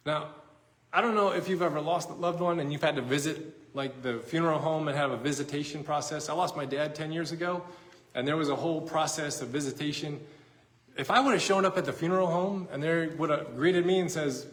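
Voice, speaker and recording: A man's voice: fairly high pitch, brisk, fairly bright tone. Man preaching in an echoey church. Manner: conversational storytelling, self-deprecating. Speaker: pastor. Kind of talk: sermon. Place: church sanctuary.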